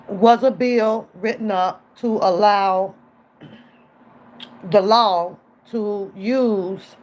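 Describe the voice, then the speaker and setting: A woman streamer telling a story in casual chat, acting out the people in it and laughing often. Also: mid-range voice. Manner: animated, acts out voices in quotes, laughs often. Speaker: reaction streamer.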